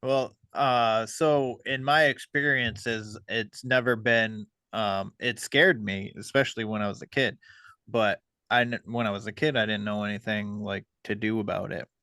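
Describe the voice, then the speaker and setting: A man hosting a podcast, talking casually and hesitantly with many pauses. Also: fairly low pitch, fairly even intonation, pushed and bright, smooth, no echo. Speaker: podcast host.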